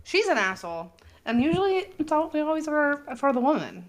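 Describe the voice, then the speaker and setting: A young woman co-hosting a podcast, chatting casually, blunt and quick to laugh. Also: sits high, sing-song. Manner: blunt, swears, laughs often. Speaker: podcast co-host. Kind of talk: casual chat.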